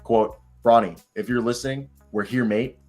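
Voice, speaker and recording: A young man co-hosting a basketball show, reading news and chatting casually, excitable and swearing freely. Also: medium pitch, normal speed, soft background music. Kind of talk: casual sports talk, reading news aloud.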